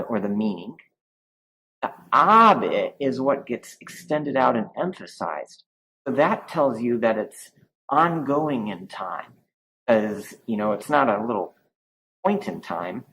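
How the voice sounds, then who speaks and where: A man gives a recorded Latin lesson, explaining grammar in an informal way with some restarts. His voice sits at a middle pitch, and he stretches syllables slowly whenever he models a word. A faint hiss of noise runs under the recording. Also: poor audio. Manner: drawn-out slow syllables when modelling Latin words. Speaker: Latin teacher.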